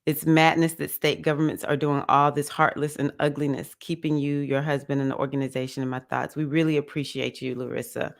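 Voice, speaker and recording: A woman's voice: deep voice, level tone, fairly quick, creaky, few pauses. A woman hosting a casual spiritual livestream, chatting to viewers about astrology, laughing often and addressing them as y'all.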